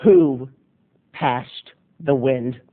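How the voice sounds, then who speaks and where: A man voicing a stern female high school history teacher who lectures in a prim, drawn-out way, on a dull lo-fi recording. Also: fairly even intonation.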